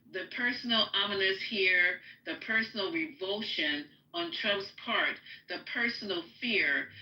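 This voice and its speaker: A woman hosts a casual live stream and reads a news article aloud, stumbling now and then and filling gaps with fillers. Her voice is very bright and sits a little low. It sounds echoey, as if the room bounces it back. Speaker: livestream host.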